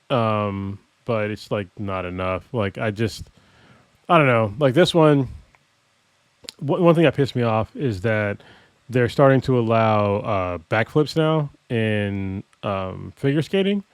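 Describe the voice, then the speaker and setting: A man's voice: fairly low pitch, lively intonation, measured pace, smooth, no echo. A man co-hosting a podcast in loose, rambling casual chat, swearing offhand. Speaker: podcast co-host.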